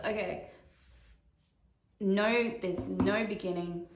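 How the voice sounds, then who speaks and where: A woman doing a casual tarot reading, thinking aloud in a slow, musing way. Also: mid-range voice, fairly even intonation. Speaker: tarot reader. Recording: echoey room with clear background noise.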